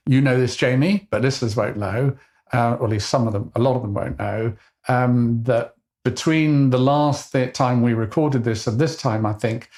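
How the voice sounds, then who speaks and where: Older man, southern english accent, hesitant, lots of ums, average pitch, podcast chat. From England. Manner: hesitant, many ums and restarts. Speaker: podcast co-host, behaviour scientist. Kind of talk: casual conversational podcast.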